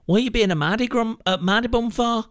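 A man's voice: very high-pitched, fast, a bit bright, clean tone, no room sound, clean studio sound, pitched above the performer's own voice. A man putting on the voice of a young southern woman who fakes a northern accent, teasing and sing-song. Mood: mocking.

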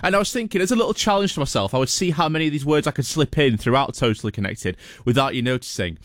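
A man's voice: mid-range voice, lively intonation, quick pace, dry recording. A man presenting a radio show in a studio, chatty and playful, with a few light stumbles. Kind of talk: casual radio chat.

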